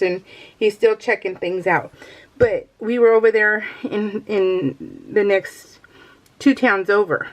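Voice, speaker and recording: A middle-aged woman talks casually to her viewers as she works on a craft project. She rambles from thought to thought and often breaks into light laughter. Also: mid-range voice. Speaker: crafting vlogger. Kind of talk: casual chat while crafting.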